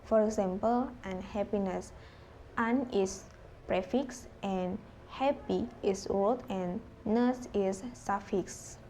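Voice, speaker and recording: Woman, classroom presentation, slow, mellow tone, halting with fillers, faint background noise. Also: mid-range voice. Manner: halting, with fillers and self-corrections.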